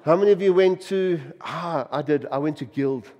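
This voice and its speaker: A middle-aged man preaching a sermon to his church, emphatic, firing off repeated rhetorical questions and swinging between loud and soft. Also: fairly high pitch, moderate pace. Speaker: pastor. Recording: long reverb of a church hall.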